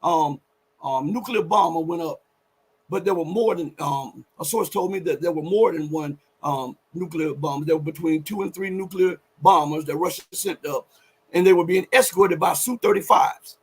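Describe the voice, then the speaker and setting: Emphatic husky man, high-pitched commentary. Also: moderate pace. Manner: emphatic, heated rises to near-shouting; rambling, self-correcting. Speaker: show host. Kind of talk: live political commentary.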